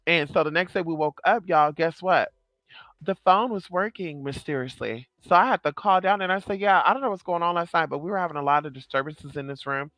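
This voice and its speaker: Animated young male storyteller, bright and slightly high, dry close-mic sound, dramatic and profane. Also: a little fast, dry recording. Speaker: vlogger. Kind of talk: casual storytelling.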